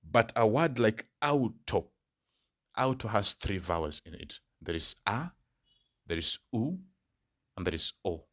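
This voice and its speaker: A man teaching a language lesson, patiently repeating each word pair slowly and often checking in with the listener. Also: on the low side, lively intonation, a bit bright. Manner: checks in with "all right?" often. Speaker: language tutor.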